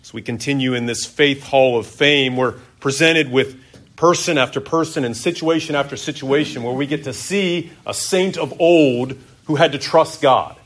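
A middle-aged man preaching a sermon as pastor, conversational, asking his listeners questions and often pausing on "uh". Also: medium pitch, a bit bright. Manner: conversational, asks the congregation questions.

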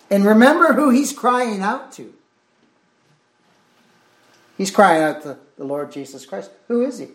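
A man's voice: sits high, sing-song, a little slow, long pauses, reverberant. A man preaching a sermon with fervor, repeating phrases and exclaiming "oh my" as he goes.

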